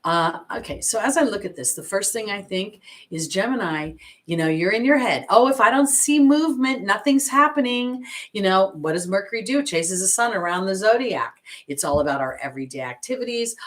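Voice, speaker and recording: A woman, an intuitive astrologer, giving a casual oracle card reading and chatting expressively straight to her viewers. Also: sits low.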